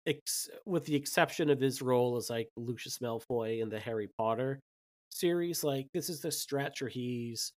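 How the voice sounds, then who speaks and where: A man's voice: medium pitch, normal speed. A man co-hosting a casual film podcast, chatting and listing an actor's roles with frequent "like" fillers. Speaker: podcast co-host.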